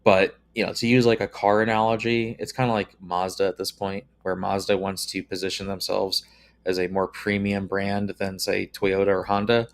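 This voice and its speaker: Guest tech guy on a stream, low monotone voice, lots of uhs and ums. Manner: measured, hesitant with many "uh" and "um". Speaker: guest TV calibration expert. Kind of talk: casual livestream chat.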